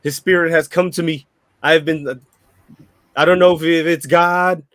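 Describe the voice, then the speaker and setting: A man's voice: a little high, fairly even intonation, normal speed, fairly bright tone, no room sound, natural voice. A man doing a shaky, frightened, bruised man. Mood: shaken. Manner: stuttering, shaky, sobbing pleas.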